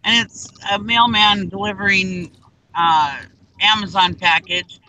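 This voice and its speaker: A woman's voice: medium pitch, steady tone, a little slow, sharp tone, a little hiss or hum, poor audio. A middle-aged woman on a group video call, telling a rambling story in casual chat and acting out the people in it. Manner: rambling, acts out quoted exchanges.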